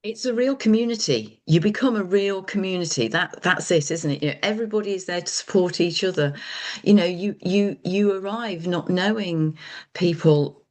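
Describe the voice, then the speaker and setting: A woman's voice: lowish voice, expressive, normal speed, darkish tone. A woman attending a retreat who speaks about it in an affirming, conversational way during an interview. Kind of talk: interview answers.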